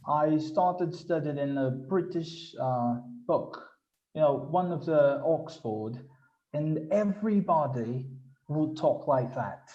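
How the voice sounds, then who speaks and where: A man, a panelist telling a story in a lively, slangy way and acting out the quotes. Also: a little high, lo-fi sound. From Brazil. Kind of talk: animated storytelling in a panel discussion.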